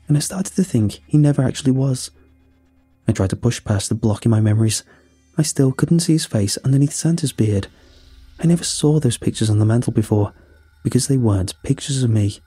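A man reading a horror story aloud as scripted narration, in a steady, measured way. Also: fairly low pitch, breathy edge, no echo.

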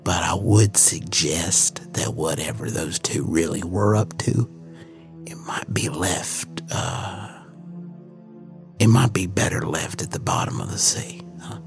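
A man playing a shifty, smooth-talking mercenary who rambles and slips into a conspiratorial hush. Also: low-pitched, slow, whispered, over music, voice pushed down, full character voice. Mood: sly.

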